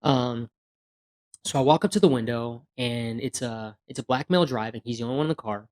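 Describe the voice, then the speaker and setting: A man's voice: mid-range voice, brisk. A straight-talking man recounting a patrol story on a podcast. He talks bluntly and casually. He slips into other people's voices as he retells what they said. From USA. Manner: blunt, animated retelling with acted-out quotes. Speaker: police officer guest.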